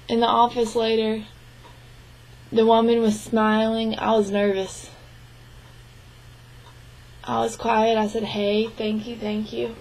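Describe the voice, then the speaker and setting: A young woman interpreting a signed interview into spoken English, speaking in short, halting phrases with restarts and frequent throat clearing. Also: fairly high pitch, a little mellow, poor audio. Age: young adult. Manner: clears her throat often. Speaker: sign language interpreting student.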